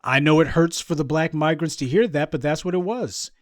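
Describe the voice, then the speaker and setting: A man's voice: on the high side, a little fast, no echo, clean studio sound. A man giving sarcastic political commentary on news clips, mocking the people he talks about. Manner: sarcastic, mocking, acts out voices of others.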